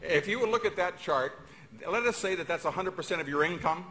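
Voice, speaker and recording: A man's voice: sits high, animated, fairly bright tone. Emphatic man speaking in an echoey hall. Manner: folksy, emphatic, pauses for emphasis. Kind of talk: public speech.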